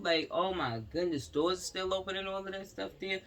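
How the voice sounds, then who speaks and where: A man from Newark, reading a news story aloud, tripping over words and breaking off into loud exclamations. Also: high voice, a little fast, few pauses, low-quality recording. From Newark, New Jersey. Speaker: YouTuber reacting to news.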